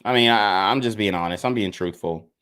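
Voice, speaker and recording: A man's voice: fairly low pitch, fairly quick, fairly bright tone, clear, resonant tone. Frustrated young man ranting to camera. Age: young adult. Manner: frustrated, emphatic, repeats himself, swears. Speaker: content creator. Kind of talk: casual rant to camera.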